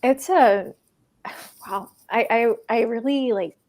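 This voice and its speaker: A woman speaking as a panelist in a discussion, earnest and halting, often restarting her sentences. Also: on the high side, a little mellow.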